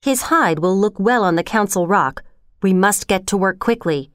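A woman's voice: medium pitch, animated, moderate pace, no echo, clean studio sound, close to an everyday voice. Woman voicing Mowgli, a bold jungle boy. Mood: commanding. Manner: urgent commanding shouts.

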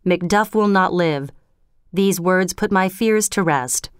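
A woman's voice: fairly low pitch, takes it slowly, clear, resonant tone, no room sound, studio quality. A woman voicing a proud, bold king in a commanding storybook reading. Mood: musing.

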